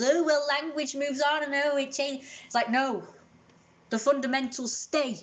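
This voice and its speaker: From home, a British woman with a fairly high voice rants on a casual live stream. She is opinionated and indignant and swears freely.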